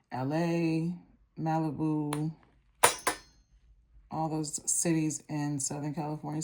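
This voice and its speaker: A woman chatting casually and relaxed with frequent ums and likes as she walks through a nail art tutorial. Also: low voice. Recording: electric nail file buzzing behind.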